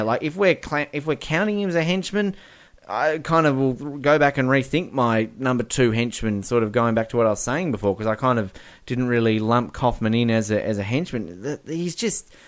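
A man co-hosting a film podcast, chatting casually and enthusiastically with frequent fillers, restarts and playful impressions. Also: mid-range voice. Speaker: podcast co-host.

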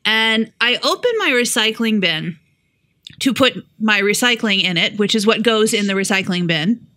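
Bright, profane woman telling a story. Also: mid-range voice, normal speed. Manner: profane, animated storyteller acting out quotes. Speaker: podcast co-host. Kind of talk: casual chat, storytelling.

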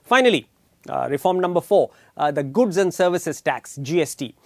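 A middle-aged man with an Indian English accent hosting an opinionated news commentary, emphatic and deliberate, with frequent filler pauses. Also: a little high, animated, no echo, clean studio sound. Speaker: commentary show host.

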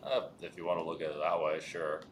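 A man interviewing a guest in a casual chat, speaking haltingly and hesitantly. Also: rumbling low, level tone. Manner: hesitant, halting, full of restarts. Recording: faint background noise.

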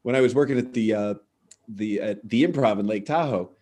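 A man's voice: fairly low pitch, a little fast, mellow. A middle-aged man, a comedian hosting a podcast, telling stories in a casual chat and acting out the punchlines. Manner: anecdotal storyteller, acts out quoted voices with punchlines. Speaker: podcast host and stand-up comedian.

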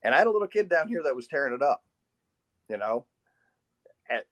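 A man speaking as a podcast guest, with an ordinary mid-range voice. He tells his stories in an animated, casual way, full of sound effects and little laughs. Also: mid-range voice, fairly quick, muffled recording. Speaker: podcast guest, pistol marksmanship instructor. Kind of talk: casual interview storytelling.

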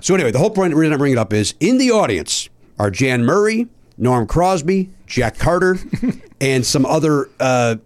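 A man, a comedian guest on a podcast, telling a long anecdote in casual chat. He is animated and profane, and acts out other people's lines. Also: a little high, normal speed. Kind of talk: casual storytelling.

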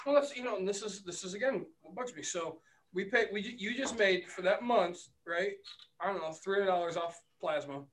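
A man co-hosting a casual podcast chat, excitable and ranting, swearing freely. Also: high voice, brisk. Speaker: podcast co-host.

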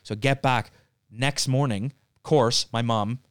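A man's voice: medium pitch, steady tone, a little slow, clean tone, no room sound, clean studio sound. A young man from Ireland, a podcast guest, telling a story in casual chat, acting out quotes, swearing freely and laughing often.

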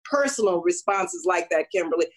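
A woman's voice: lowish voice, expressive, moderate pace, poor audio. A woman politician guesting in an interview, telling stories in an earnest, emphatic way. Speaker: congresswoman, guest. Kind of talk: conversational interview.

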